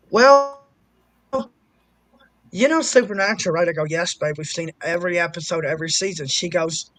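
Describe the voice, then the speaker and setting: A man chatting casually on a live stream, telling animated stories and swearing freely. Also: sits high, a little hiss or hum. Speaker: guest storyteller.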